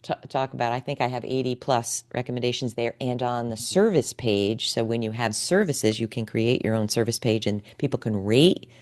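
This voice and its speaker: Very low-voiced woman podcast host. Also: moderate pace, few pauses. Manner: warm, effusive, emotional responses. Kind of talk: casual interview chat.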